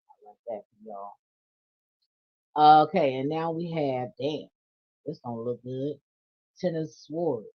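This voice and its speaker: Blunt, profane woman reading tarot. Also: extremely low pitch. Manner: blunt, profane, laughing asides. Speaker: tarot reader. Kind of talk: casual tarot reading vlog. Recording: dull lo-fi audio.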